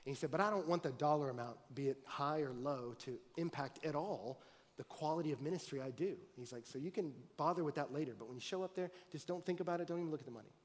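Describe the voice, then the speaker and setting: A man preaching with a fairly high voice, jumping from loud, excited bursts to hushed, earnest asides. His words ring out in a large hall with a long, lingering reverb. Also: fast talker. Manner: animated, swings from loud excited bursts to quiet earnest talk. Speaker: pastor. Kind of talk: sermon with storytelling.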